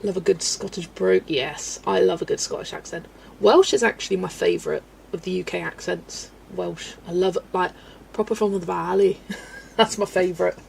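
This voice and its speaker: A woman's voice: on the low side, normal speed, creaky, a little mellow, a little hiss or hum, rough recording. A woman from the UK streaming live at home, chatty and giggly, reading viewer comments aloud as she chats. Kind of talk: casual live-stream chat.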